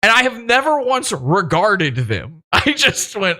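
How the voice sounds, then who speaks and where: A man's voice: sits high, sing-song, measured pace, bright, forceful tone. A man hosting a podcast interview, mocking and profane, laughing often as he talks. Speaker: podcast host. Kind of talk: casual interview.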